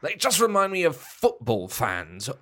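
Slow-talking giggly man. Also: fairly high pitch, wildly swooping pitch, sharp tone. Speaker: podcast co-host. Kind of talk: casual comedic banter.

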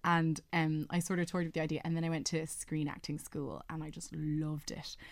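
A woman's voice: low voice, little pitch movement, fairly quick, dry recording. A young woman, a singer and actor, chatting casually as a radio interview guest, giggly and full of fillers.

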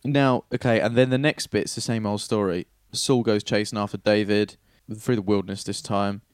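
A man with a fairly low voice, recorded close and dry with no room sound. He retells old stories in an offhand, irreverent way, swearing and sketching quick character voices. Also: fairly even intonation, smooth, no echo. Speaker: podcast co-host retelling Bible stories. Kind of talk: casual chat.

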